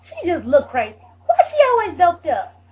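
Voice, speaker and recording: A woman with a high voice drops quick, gossipy asides into a casual chat, laughing between lines. The sound is dull and lo-fi. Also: wildly swooping pitch. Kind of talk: casual chat, side comments.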